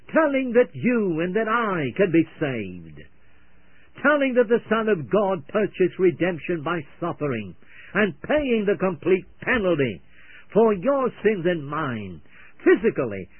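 A man delivering a fervent evangelistic radio sermon, pleading and oratorical, with a husky voice that often clears its throat. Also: high voice, dry recording. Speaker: radio preacher. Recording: tinny old radio broadcast.

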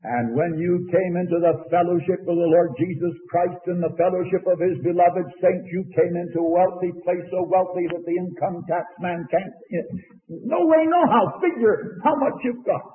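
An older man preaching a sermon in a folksy storytelling way, swinging from loud to soft. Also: sits high, normal speed, hardly any pauses. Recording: phone-like sound, long hall reverb.

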